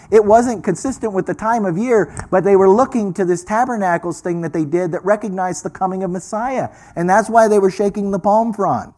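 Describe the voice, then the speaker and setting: A man preaching, telling a personal story with lively delivery and acting out the voices of people he met. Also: on the high side. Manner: animated storyteller, acts out quoted voices. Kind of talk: sermon storytelling.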